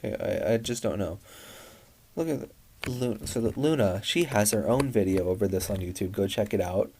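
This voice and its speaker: A man's voice: lowish voice, moderate pace, a little mellow, a little hiss or hum. A man reacting with outrage, stammering and swearing as he reads out screenshots. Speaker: commentary YouTuber.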